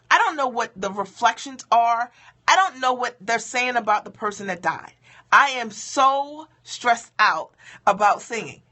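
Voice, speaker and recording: A woman with a bright, forceful voice pitched slightly high tells a humorous personal story to an audience of mothers. She talks in an animated way, laughs at herself, and keeps checking in with her listeners. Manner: laughs at herself while telling. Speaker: motivational speaker for moms.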